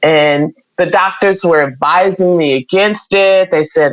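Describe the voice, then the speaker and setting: A radio program director, guesting on an interview podcast, tells a personal story candidly and conversationally, quoting many exchanges. Her voice sits on the low side and moves a little slowly, and the recording sounds dull and dry.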